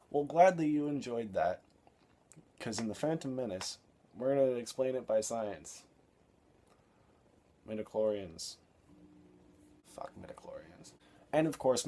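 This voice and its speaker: A man's voice: on the low side, mellow, a little hiss or hum. A young man reviewing a film in an exasperated, sarcastic rant, swearing freely.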